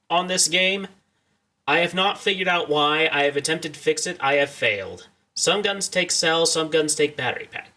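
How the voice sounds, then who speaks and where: A young man streams a video game, casually joking and rambling to his viewers in let's-play style. His voice is fairly high-pitched and bright, with a forceful tone.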